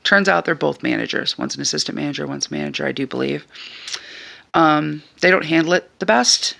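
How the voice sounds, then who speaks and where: A man recounts an incident in a casual, animated way, sounding exasperated. His voice sits a little high with a gravelly, creaky edge. It also has a bright, forceful tone. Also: a little fast. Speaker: vlogger. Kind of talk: casual storytelling.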